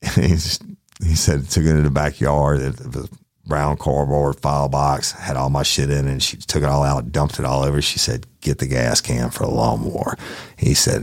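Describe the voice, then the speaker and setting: Man, extremely deep voice, dry close sound, blunt profane storyteller. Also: flat delivery, moderate pace, vocal fry, dry recording. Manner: profane, blunt, retells dialogue with emphasis. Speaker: private investigator. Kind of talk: casual anecdote telling.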